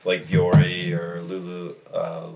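A man's voice: deep voice, completely flat delivery, takes it slowly, creaky, noisy background. A man from the Boston area, a podcast co-host, chatting in a laid-back, rambling way with fillers. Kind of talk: casual chat.

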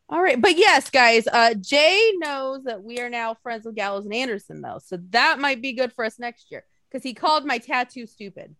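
Animated, swearing woman telling stories. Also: medium pitch, dry recording, clean studio sound. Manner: animated storytelling, swears freely, acts out quotes. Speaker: podcast co-host. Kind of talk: casual chat.

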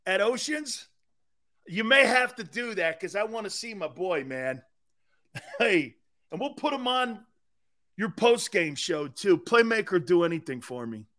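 A middle-aged man hosting a sports talk stream, joking and reading viewer comments aloud. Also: sits high. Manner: animated, joking, jumps between chat comments. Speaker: sports talk show host.

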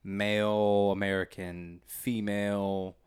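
A man's voice: on the low side, level tone, slow, clean tone. A man co-hosting a podcast in casual chat, joking and laughing often. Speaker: podcast co-host.

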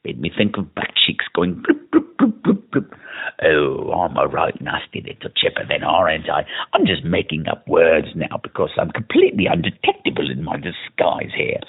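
A man's voice: extremely low pitch, wildly swooping pitch, moderate pace, creaky, slightly rough. A drunk man leaving a rambling voicemail, putting on a campy, exaggerated mock British accent. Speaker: podcast host leaving himself a voicemail. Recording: tinny phone voicemail.

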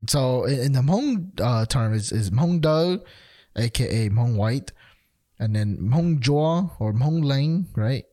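A man's voice: medium pitch, animated, slow pace, dark tone, no room sound, clean studio sound. Rambling man in casual chat. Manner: rambling, playful, many fillers and restarts.

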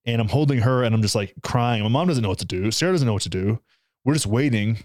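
A man's voice: medium pitch, fast talker, darkish tone, no room sound, studio quality. Young man recounting an emotional story. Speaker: new father. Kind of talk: casual conversation.

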